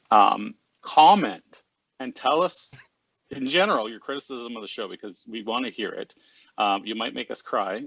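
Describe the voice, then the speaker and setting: A man's voice: medium pitch, creaky, a bit bright, dry recording. Podcast guy, laughs a lot, lots of ums, dead dry room, kinda muffled. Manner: laughs easily, hesitant with ums and restarts. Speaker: podcast co-host. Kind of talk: casual chat. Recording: dry, dull lo-fi home recording.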